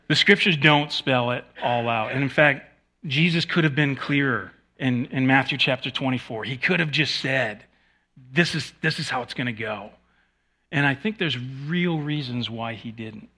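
A man's voice: mid-range voice, pushed and bright. A man preaching a sermon to a live congregation. He teaches in a conversational way, with joking asides and frequent restarts. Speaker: pastor.

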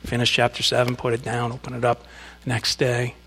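A man's voice: medium pitch, monotone, a little fast, fairly bright tone, breathy edge. A man preaching a sermon, speaking conversationally to the congregation with asides and reading scripture with emphasis. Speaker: pastor.

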